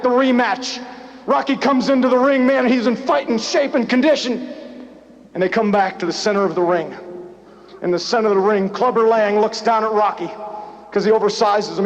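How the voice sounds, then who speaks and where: A man giving a motivational rally speech, telling a story in punchy, repetitive lines that build to shouts. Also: sits high. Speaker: motivational business speaker. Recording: dull lo-fi live tape, faint noise.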